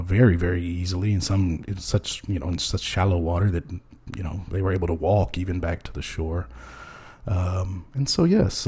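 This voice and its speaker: A man hosting a loose comedy podcast, rambling deadpan with many hesitations and chuckling at his own jokes. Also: deep voice, husky. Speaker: podcast host.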